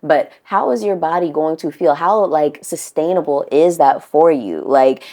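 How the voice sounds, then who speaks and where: A woman co-hosting a podcast in casual chat, blunt and animated, swearing freely. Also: deep voice, a little slow. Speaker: podcast co-host.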